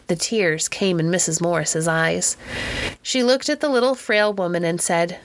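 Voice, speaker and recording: Woman calmly narrating an audiobook. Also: lowish voice, moderate pace, a little hiss or hum. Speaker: audiobook reader. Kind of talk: scripted narration.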